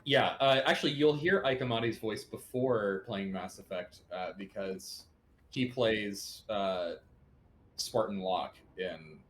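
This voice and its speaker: A man co-hosting a gaming stream, chatting excitedly and stammering as he rambles. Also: fairly low pitch, takes it slowly, slight background noise. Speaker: co-host. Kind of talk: casual chat.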